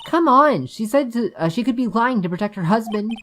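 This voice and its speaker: A woman voicing an excitable, blunt young woman sidekick who speaks loudly and indignantly in a game dub. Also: a little high, fairly quick, background noise, pitched above the performer's own voice, lightly acted. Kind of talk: video game voice-over dub.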